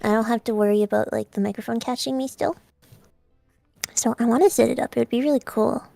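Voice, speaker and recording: A woman's voice: fairly high pitch, fast, creaky, mellow, faint music behind. A young woman from Alberta, Canada, streaming as a VTuber, chatting casually with a giggly, playful manner and often trailing off mid-thought. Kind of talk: casual chat.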